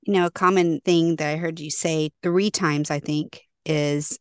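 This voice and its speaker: Low-voiced reflective woman host. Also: fairly even intonation, a little slow, clean tone, no room sound, studio quality. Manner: reflective, affirming. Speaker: podcast host. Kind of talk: interview conversation.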